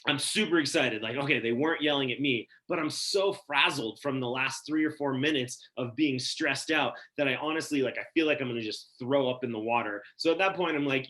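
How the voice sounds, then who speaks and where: A man from Wyoming telling a personal story at a story slam, casual and animated with many "like" fillers. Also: mid-range voice, fairly quick, hardly any pauses.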